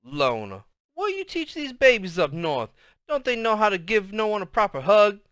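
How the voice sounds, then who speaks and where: A man voicing an elderly grandmother with a Southern US accent, loud, bossy and doting, speaking in a high, drawling voice. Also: big pitch swings, normal speed, dry recording, clean studio sound.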